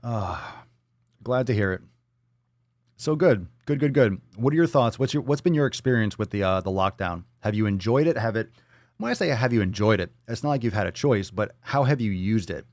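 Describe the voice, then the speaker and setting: Reading chat on his casual Florida live stream, the host speaks at normal speed in an animated, lowish voice. He jokes around, swears freely, and now and then puts on goofy voices. The audio is dry and studio quality.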